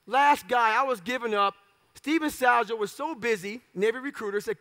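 A man's voice: very high voice, moderate pace, bright, forceful tone. A man giving a motivational speech, telling his story in blunt, clipped phrases with profanity and self-mocking humor. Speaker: motivational speaker.

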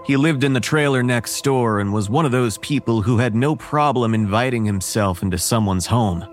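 A man narrating a first-person horror story in a measured, wary tone. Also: mid-range voice, soft background music.

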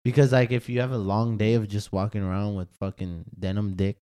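A man's voice: fairly low pitch, flat delivery, brisk, dark tone, clear, resonant tone. A young man telling crude stories in casual chat with friends, laughing and slangy.

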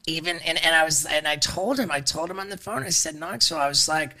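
A man, a podcast guest, telling a story in casual conversation, halting with many restarts and fillers and swearing freely. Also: a little high, pushed and bright.

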